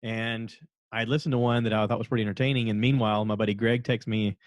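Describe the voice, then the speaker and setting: A man hosting his own podcast, chatting casually and rambling from one story to the next, now and then jumping into a high voice to quote people. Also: quick pace, dry recording. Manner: rambling, animated, jumps into high voices when quoting people. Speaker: podcast host. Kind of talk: casual solo podcast chat.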